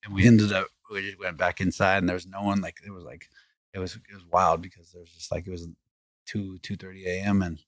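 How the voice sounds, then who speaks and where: Low-voiced man telling a rambling story. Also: fairly quick, dry recording, clean studio sound. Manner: rambling, animated, many restarts and fillers. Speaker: podcast guest, former fighting champion. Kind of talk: casual storytelling chat.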